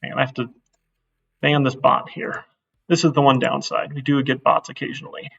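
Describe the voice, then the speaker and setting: A man's voice: mid-range voice, monotone, normal speed, creaky, fairly bright tone, distant mic, highs cut off, slight background noise. Blunt, chatty male lecturer. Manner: blunt, chatty, gets worked up. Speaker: university instructor. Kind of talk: course intro lecture, livestreamed.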